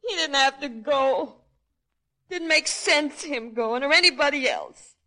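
A frightened soldier's wife. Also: female voice, high voice, lively intonation, measured pace, bright, forceful tone, heavily acted. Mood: grieving. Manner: plain working-class speech, pleading. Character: anxious young wife of a soldier, frightened and grieving. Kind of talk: 1940s radio acting.

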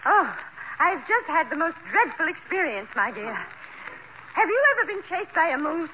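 An actress playing a refined, slightly dotty society matron in a 1940s radio comedy, affected and gracious. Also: female voice, very high voice, big pitch swings, moderate pace. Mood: prim. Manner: refined, affected speech, says "my dear" often. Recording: old lo-fi radio broadcast with hiss.

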